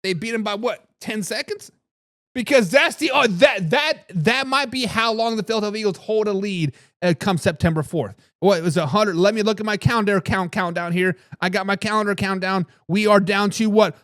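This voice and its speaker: A man with a strikingly high, bright voice hosts a hyped live fan sports show, riffing on his team at normal speed while drinking a beer. He keeps repeating catchphrases, says "baby," and reads and answers viewer comments. The sound is close and dry, with no echo.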